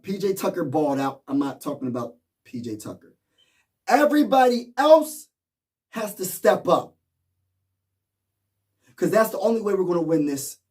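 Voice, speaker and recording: A man's voice: fairly high pitch, lively intonation, normal speed, far from the mic. A man vlogging as a sports fan, rallying viewers with slangy, repetitive hype. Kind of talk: hyped fan commentary.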